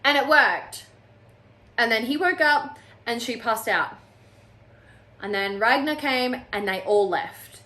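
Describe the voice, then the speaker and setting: A woman's voice: on the high side, animated, unhurried, pushed and bright. A woman reviewing a book on her channel in a casual, sarcastic and exasperated way, often mocking the characters.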